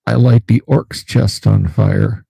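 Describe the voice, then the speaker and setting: A man's voice: on the low side, fairly even intonation, slow pace, gravelly, dark tone, breathy edge, dry recording. A man hosting a tabletop gaming livestream in rambling, jokey casual chat, laughing often. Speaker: livestream host.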